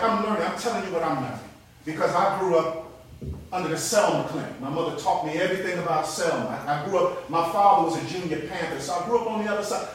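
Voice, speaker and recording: A man with a very high, lively voice preaches to a congregation, moving from storytelling into shouted preaching. He is heard from a distance in a big, echoing hall. The crowd answers him clearly behind his voice. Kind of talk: sermon. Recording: echoey hall, mic from a distance, congregation audible.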